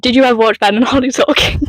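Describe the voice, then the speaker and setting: A woman's voice: on the high side, no echo, poor audio. A woman from Wales co-hosting a podcast, chatting casually and playfully, laughing often. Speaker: podcast co-host. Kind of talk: casual chat.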